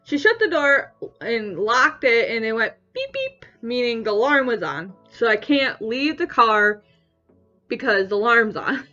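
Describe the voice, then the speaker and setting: Bright high-voiced young woman telling a story. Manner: animated retelling, acting out quoted voices. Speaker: vlogger. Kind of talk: casual personal storytime. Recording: slightly dull audio with faint music.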